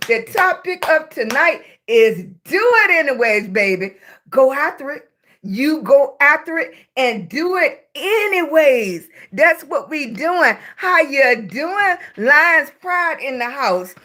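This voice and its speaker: A woman's voice: high-pitched, big pitch swings, takes it slowly, pushed and bright. A woman with a Southern US accent hosting a casual live stream, chatting with viewers, greeting them by name and calling them baby. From Southern United States. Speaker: livestream host. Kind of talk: casual livestream chat with viewers.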